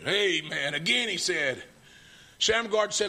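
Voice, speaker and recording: A middle-aged man preaching a fervent sermon, swinging from shouts to hushed, tender passages. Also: fairly high pitch, normal speed, gravelly, slight background noise.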